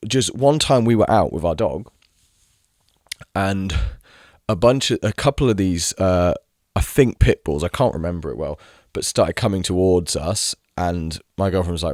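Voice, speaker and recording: A man's voice: low-pitched, normal speed, darkish tone, dry recording, studio quality. A young man ranting in a casual monologue, exasperated, swearing freely and mimicking people mockingly. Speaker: video creator.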